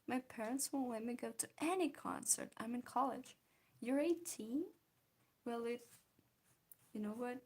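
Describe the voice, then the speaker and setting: Drawing on a stream, a young woman chats casually, answers viewer comments, and often giggles. Her voice is on the high side and slightly rough, and she speaks a little slowly with frequent pauses.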